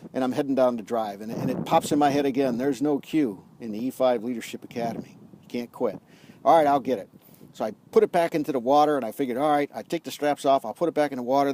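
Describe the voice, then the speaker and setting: Fast-talking man telling a story. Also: medium pitch. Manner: animated storyteller, acts out dialogue. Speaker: leadership coach. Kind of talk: casual storytelling vlog. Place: outdoors on a golf course.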